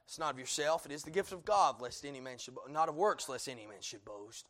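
A fast-talking man preaches, his voice falling to hushed lows and climbing to loud peaks. He says "amen" often and leans on "uh" as a filler.

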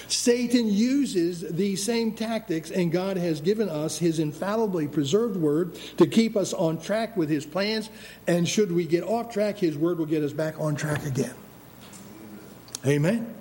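High, mellow-voiced preaching man. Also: normal speed. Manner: animated preaching, acts out voices of God and believers. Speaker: pastor. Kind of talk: sermon.

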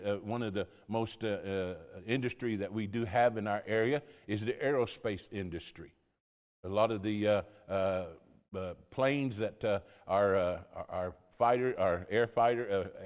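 A man's voice: fairly low pitch, a little mellow. An older American man, a missionary pastor, telling stories in a sermon style, rambling with many fillers and repeated words. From United States. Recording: long hall reverb.

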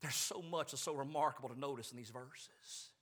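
A man preaching a sermon, swinging from loud, emphatic peaks down to hushed, slow lines, with repeated rhetorical phrases. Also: medium pitch. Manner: repetitive, rhetorical phrasing with "I mean".

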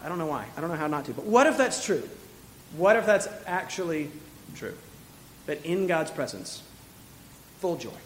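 A man preaching a sermon as pastor, earnest and exhorting, with quick asides and restarts. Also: high voice, slight background noise. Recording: long hall reverb.

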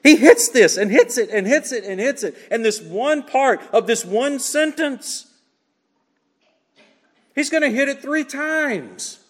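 A man's voice: very high-pitched, animated, unhurried, big-room sound. A man preaching an expository sermon, pressing his points with emphatic repetition and rhetorical questions to the congregation. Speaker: pastor.

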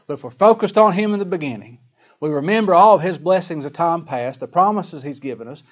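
Older guy preaching, folksy and earnest, gets loud then soft. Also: a little high, fairly quick. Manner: earnest, folksy, swells louder in prayer then drops soft. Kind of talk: sermon.

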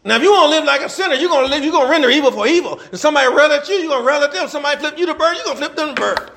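A middle-aged preacher man with a very high, gravelly voice. He talks in a folksy, animated way, firing rhetorical questions at the congregation. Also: very fast. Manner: folksy dialect, laughs between points. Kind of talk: sermon.

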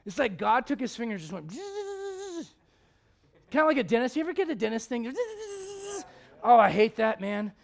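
A man preaching a sermon as a pastor, swinging from loud emphatic lines to hushed ones, with joking asides. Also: high-pitched, expressive, very fast, gravelly, few pauses.

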